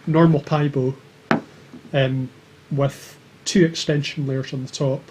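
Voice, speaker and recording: A man co-hosting a casual livestream, explaining things hesitantly and filling his pauses with lots of ums. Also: medium pitch, steady tone, background noise. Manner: hesitant, with many filler ums. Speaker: co-host of a maker livestream.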